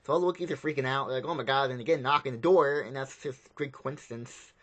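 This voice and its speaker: Male film reviewer, mid-pitched voice, loose rambling delivery, casual and unscripted. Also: quick pace, a bit bright. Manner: rambling, repeats himself, plain-spoken.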